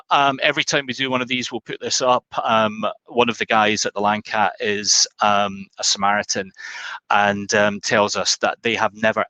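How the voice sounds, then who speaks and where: A man's voice: on the low side, sharp tone, dry recording, poor audio. A man hosting a webinar, chatty and self-deprecating, telling a joke with lots of ums. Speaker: webinar host. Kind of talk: casual joke-telling and sign-off.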